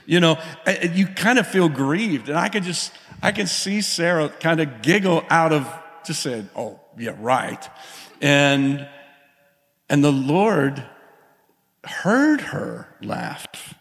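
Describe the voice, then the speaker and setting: A man preaching a sermon in a church, animated, calling out to the congregation as he tells a story. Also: fairly high pitch, measured pace. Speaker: pastor. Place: church sanctuary. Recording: long hall reverb.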